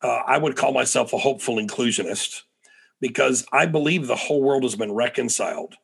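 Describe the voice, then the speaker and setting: A man's voice: mid-range voice, brisk, vocal fry, a bit bright, slightly rough. A middle-aged American man, a preacher and guest, telling stories animatedly in a podcast interview with frequent restarts. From United States.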